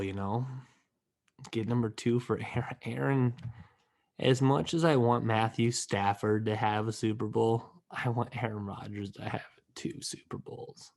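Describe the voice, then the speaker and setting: A young man talking slowly in a lowish voice on his own podcast, tired and yawning. He rambles through fillers and restarts, drops into mournful mumbles, then bursts out loud. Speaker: podcast host. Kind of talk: casual solo podcast rant.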